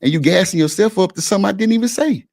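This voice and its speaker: Blunt, gravelly-voiced man arguing hard. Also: high-pitched, very fast, darkish tone. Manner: blunt, insistent, repeats himself, swears freely. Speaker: stream panel host. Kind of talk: heated argument on a live stream.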